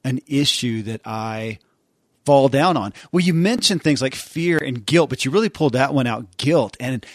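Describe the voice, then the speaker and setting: A man hosts a podcast, asking long, enthusiastic questions full of fillers. His voice is middle in pitch, recorded close and dry with no room echo. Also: moderate pace. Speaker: podcast host. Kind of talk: conversational interview.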